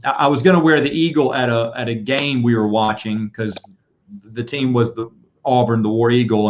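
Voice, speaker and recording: A man hosting a casual chat, telling rambling, animated stories. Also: medium pitch. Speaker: podcast host. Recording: dull lo-fi audio.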